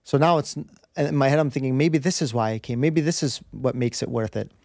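A man's voice: mid-range voice, fairly quick, vocal fry, a little mellow, no room sound, studio quality. A man as a podcast guest, telling a personal story in an earnest, rambling way with many restarts. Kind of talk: candid storytelling in conversation.

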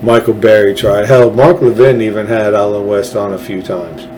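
A man's voice: lowish voice, fairly even intonation, normal speed, darkish tone, slight background noise, low-quality recording. Angry man ranting on his podcast. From Texas. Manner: heated, blunt, swears freely. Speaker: podcast host. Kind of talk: angry political rant.

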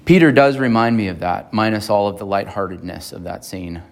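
A lower-pitched man preaching a sermon in a church. He talks in an easy, conversational way and keeps asking his listeners whether they remember. This is a pastor's sermon with a relaxed, chatty delivery. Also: a little fast, creaky, slight background noise. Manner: conversational, checks in with the congregation.

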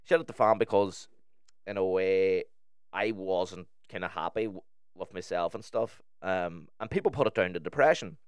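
A man's voice: low-pitched, moderate pace, clear, resonant tone, no echo, studio quality. A man in casual podcast chat, talking candidly and swearing freely as he tells personal stories.

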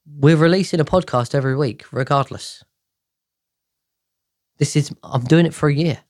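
A man's voice: on the high side, moderate pace, pauses often. A man, hosting a solo podcast in a sweary, rambling, exasperated way. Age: 30s. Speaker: podcast host. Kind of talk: casual solo podcast chat. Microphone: podcast mic.

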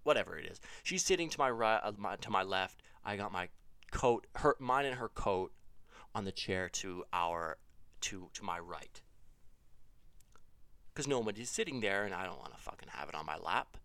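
A man's voice: moderate pace, dry recording. A man telling a funny story in a loose, swearing, self-interrupting way. His voice leaps up and down as he gets exasperated. The recording is dry and close, with no room sound. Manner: rambling, profane, self-correcting; animated, jumps to high exasperated pitch. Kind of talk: casual comedic storytelling.

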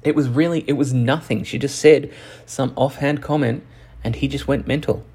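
Young guy, rough husky voice, halting and sweary, lots of restarts telling his story. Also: medium pitch, fairly even intonation, darkish tone. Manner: halting, frank and profane, with many restarts. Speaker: channel host. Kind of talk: personal storytelling.

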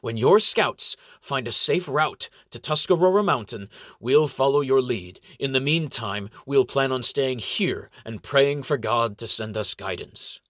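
A man's voice: mid-range voice, lively intonation, unhurried, few pauses, fairly bright tone, no echo, studio quality. Man doing a stern, commanding inquisitor. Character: stern male inquisitor cleric, authoritative.

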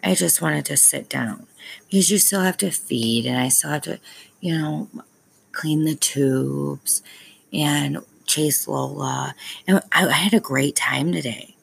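Gravelly-voiced young mom rambling candidly. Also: female voice, low-pitched, a little slow, slight background noise, poor audio. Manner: rambling, lots of ums, self-aware. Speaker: parent vlogger. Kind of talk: candid personal vlog.

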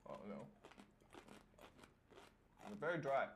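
A man's voice: medium pitch, slow, slight background noise. A man co-hosting a casual podcast, laughing and swearing while his mouth burns from a spicy chip. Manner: laughs and swears a lot, lively. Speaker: podcast co-host. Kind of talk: casual chat.

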